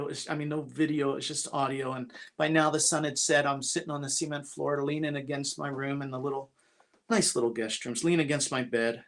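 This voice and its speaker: A man with a slightly raised voice tells a personal story at a church gathering. He speaks earnestly and confessionally, stumbling and repeating his first words as he goes. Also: fairly high pitch. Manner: halting, often repeats opening words.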